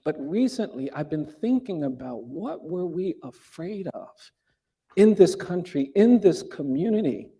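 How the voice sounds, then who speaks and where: A middle-aged man with a gravelly, husky voice and a mellow tone. He tells a personal story slowly and earnestly, restarting phrases and lifting his voice to stress key points. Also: on the high side. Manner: earnest, with frequent restarts and emphatic rises. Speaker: speaker telling a personal story.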